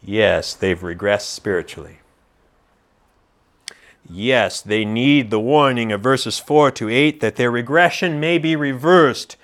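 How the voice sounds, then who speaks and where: Animated slow-speaking male preacher. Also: mid-range voice. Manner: animated, teacherly, jokes with the congregation. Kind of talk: expository sermon.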